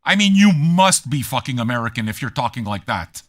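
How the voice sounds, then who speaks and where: A man's voice: mid-range voice, big pitch swings, brisk, few pauses. Crude, mocking man ranting at chat. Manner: mocking, combative and crude, with laughing jabs. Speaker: DJ and livestream host. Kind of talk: profane rant at chat viewers.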